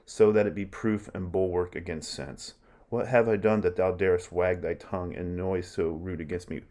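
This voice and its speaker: A man's voice: sits low, steady tone, normal speed, warm tone, natural voice. A man reading as a young prince scolding his mother. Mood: reproachful. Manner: reads verse aloud, plainly. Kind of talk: verse read aloud in class.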